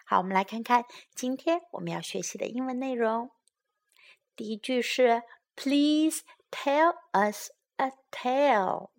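Gentle woman reading a children's story. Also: a little high. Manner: slow, gentle and expressive. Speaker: storyteller and children's English teacher.

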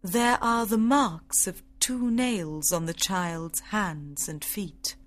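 A woman narrating a graded-reader storybook for English learners, reading slowly and carefully. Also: mid-range voice, fairly even intonation. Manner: slow, clear, carefully paced reading.

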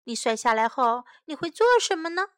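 A woman reading a bilingual children's story aloud slowly and gently, asking the young listeners questions and teaching English. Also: high-pitched, very animated, dry recording, studio quality. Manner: slow, gentle, clearly enunciated.

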